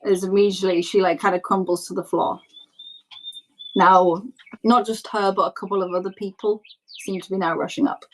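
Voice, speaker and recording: Woman, game master, mid-pitched, loose descriptive narration with fillers. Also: fairly even intonation, moderate pace, rough recording.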